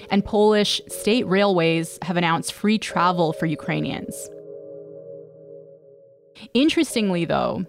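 A woman hosting a news podcast, interviewing a reporter and narrating scripted news in a measured, clear way. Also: fairly low pitch.

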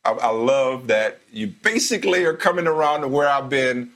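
A man hosting a sports talk show, debating with his co-host in a casual, animated way, often repeating himself as he talks. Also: medium pitch, normal speed, hardly any pauses.

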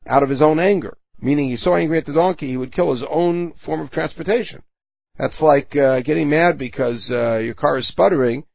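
A man teaches a Torah lesson, reading Hebrew verses and translating each one, then explaining it with everyday comparisons. His voice is gravelly and a little husky. The recording is dry and dull, with no room sound. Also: a little high, dry recording.

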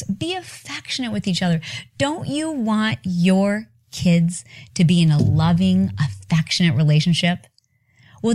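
A woman hosting a podcast, telling stories and giving advice in a chatty, animated way with lots of filler words. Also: on the low side. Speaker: podcast host. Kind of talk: casual storytelling monologue.

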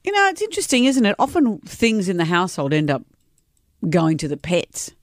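A woman's voice: lowish voice, wildly swooping pitch, a little fast, dry recording, clean studio sound. A woman, co-hosting a radio show in a playful, teasing way. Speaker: radio co-host. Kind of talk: casual radio chat. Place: radio studio. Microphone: studio microphone.

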